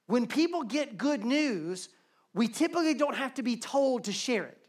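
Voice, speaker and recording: A man's voice: very high voice, expressive, moderate pace. A man preaching a sermon as pastor to a live congregation, earnest and building his points through repetition. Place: church sanctuary, live service.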